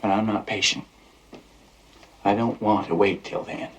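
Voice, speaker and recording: A restless young man, dreamy but bitter, with a brooding, wry delivery. His voice sits a little low. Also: steady tone, unhurried, a bit bright, breathy edge, heavily acted.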